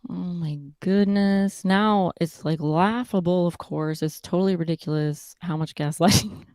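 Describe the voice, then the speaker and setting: A woman speaking as a talk show guest, animated and expressive, acting out quotes. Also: fairly low pitch, a little slow, dry recording, studio quality. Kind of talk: casual radio talk show.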